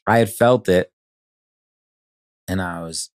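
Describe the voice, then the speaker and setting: A man in his thirties, a podcast guest, telling a rambling story and acting out quotes in a high voice. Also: slow pace, no echo, studio quality. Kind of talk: casual podcast conversation.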